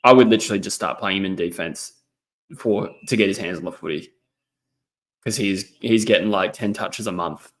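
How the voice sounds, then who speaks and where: A young Australian man with a low-sitting voice and a moderate pace commentates on a footy match during a casual livestream. Seated indoors at a laptop, he chats with viewers, reads out chat messages, and rambles along with many ums.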